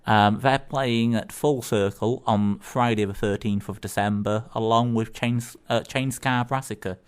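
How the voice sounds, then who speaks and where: A man's voice: medium pitch, steady tone, a little slow, clean tone. A man co-hosting a casual community radio show, talking in a rambling, hesitant way with lots of ums, recorded in a studio. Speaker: radio co-host.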